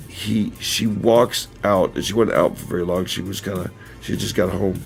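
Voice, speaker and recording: A man with a low, gravelly voice talks straight to his livestream viewers in a loose, rambling way. He corrects himself mid-sentence and chuckles as he goes. Soft music plays faintly behind him. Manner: earnest and direct to viewers. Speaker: livestream host. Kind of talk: casual storytelling livestream. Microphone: camera mic.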